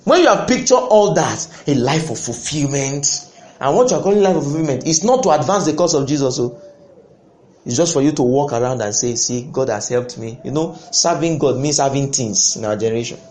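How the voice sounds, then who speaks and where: A man preaching a sermon, impassioned, breaking into sudden loud bursts. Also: a little high, lively intonation, a little fast.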